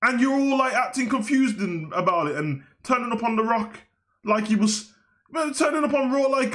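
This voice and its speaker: A man's voice: extremely high pitch, lively intonation, normal speed, fairly bright tone. A young man, hosting a wrestling talk show in a slangy, heated, rambling rant. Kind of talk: ranting casual commentary.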